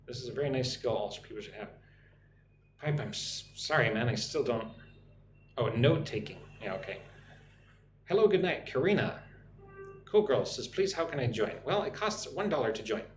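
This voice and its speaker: A young American man teaching English on a live stream, chatting with viewers and repeating phrases slowly for practice. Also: medium pitch, animated. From United States. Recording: echoey room with faint noise.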